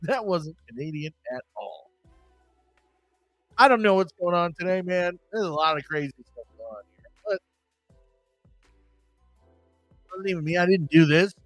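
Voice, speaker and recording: A man's voice: sits high, lively intonation, moderate pace, fairly bright tone, no echo, faint music behind. A man hosting a podcast in casual chat, rambling with crude joking asides. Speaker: podcast host.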